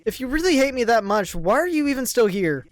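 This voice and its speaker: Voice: mid-range voice, sing-song, a little fast, dry recording, pitched above the performer's own voice, close to an everyday voice. A voice actor doing a furious swearing young man. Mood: cruel. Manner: shouting, swearing, contemptuous. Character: angry foul-mouthed young man.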